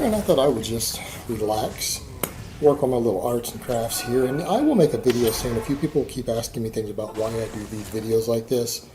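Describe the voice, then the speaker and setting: A Texan man rambling bluntly and defiantly in a casual vlog monologue while he works at a hobby. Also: medium pitch. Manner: blunt, defiant, talks while hand-loading ammo. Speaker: vlogger. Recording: steady background noise.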